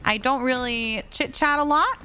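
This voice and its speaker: A woman's voice: high-pitched, moderate pace, sharp tone, slight background noise. A woman streaming a game live, chatting casually and answering her viewers between plays. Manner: chatty, reads chat aloud and answers viewers. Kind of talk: live gameplay commentary.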